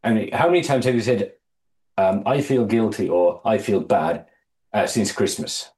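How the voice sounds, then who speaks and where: A man leading a Bible study, reading scripture aloud, explaining it with halting restarts and quizzing his listeners. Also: lowish voice, lively intonation, a little mellow. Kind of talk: Bible study teaching to a small group. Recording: echoey room.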